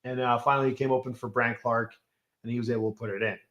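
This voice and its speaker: A man of middling pitch talks through a hockey game recap in a loose, casual way. He rambles and keeps restarting his sentences with lots of fillers. His voice carries the echo of a bare room. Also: steady tone, fast talker, fairly bright tone, highs cut off. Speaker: hockey podcast host.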